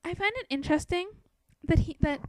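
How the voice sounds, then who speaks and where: A woman's voice: very high voice, fairly quick, dry recording, rough recording. A young woman chatting about a book she is reading, asking nitpicking questions in a casual, quizzical way. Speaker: book commentator. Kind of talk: casual spoken book commentary.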